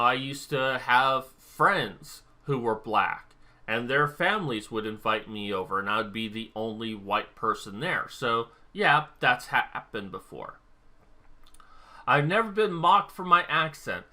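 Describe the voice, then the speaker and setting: Bright-voiced man rambling to camera. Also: mid-range voice. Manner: rambling, thinking aloud. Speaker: vlogger. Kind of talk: casual talk-to-camera monologue.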